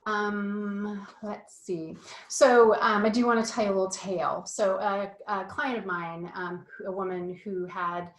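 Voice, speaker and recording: A woman's voice: mid-range voice, fairly even intonation, unhurried, echoey room. A woman coaching parents in a casual, chatty talk full of fillers and asides. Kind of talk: casual online course talk.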